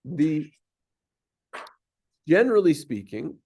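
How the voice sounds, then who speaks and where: A man's voice: on the high side, big pitch swings, slow pace, dark tone, husky. A man giving a patient, explanatory lesson at a synagogue, now and then singing short examples. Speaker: synagogue teacher. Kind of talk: explanatory lesson on Torah cantillation.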